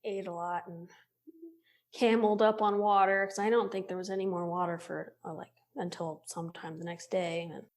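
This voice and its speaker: A woman with a fairly low voice, a thru-hiker appearing as a podcast guest, tells a story casually at normal speed. She's animated and laughs often, with lots of filler words, especially "like."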